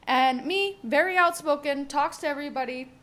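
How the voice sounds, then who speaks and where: A woman's voice: sits high, moderate pace, fairly bright tone. A young woman talking candidly on her own podcast, rambling and swearing freely as she thinks aloud. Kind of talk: casual solo podcast monologue.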